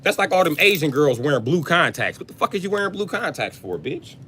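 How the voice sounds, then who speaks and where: A man's voice: on the high side, sing-song, a little fast, a bit bright, slight background noise. A man in his forties from the United States, ranting on a livestream, blunt and cursing nonstop. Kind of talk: profane rant to a live stream.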